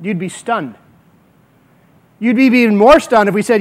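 A male pastor delivering a sermon to a congregation. His voice sits notably high for a man. He is emphatic and slows down deliberately to drive his main points home. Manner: emphatic, slows down to stress key words.

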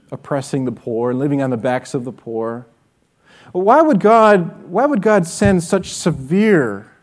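A man's voice: medium pitch, darkish tone. A man preaching a sermon as pastor, earnest and direct, often asking his listeners rhetorical questions. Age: adult with children.

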